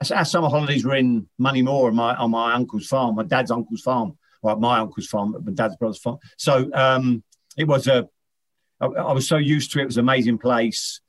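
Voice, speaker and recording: A man, a former footballer, chatting as an interview guest, often restarting and repeating words as he tells stories. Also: medium pitch. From England, Northern Irish parents. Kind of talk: casual interview chat.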